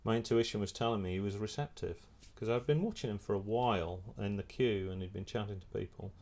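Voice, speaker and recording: Animated man telling a story. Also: fairly low pitch, fast. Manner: animated storyteller, many restarts. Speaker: photographer and filmmaker. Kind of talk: casual anecdote in an interview.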